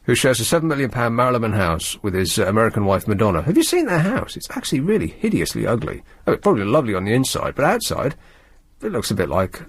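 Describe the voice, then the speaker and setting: A man's voice: medium pitch, wildly swooping pitch, fast, husky, dry recording. A male radio host from England chatting over the news in a dry, sardonic, rambling way, full of ums and asides. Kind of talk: late-night radio chat and news commentary.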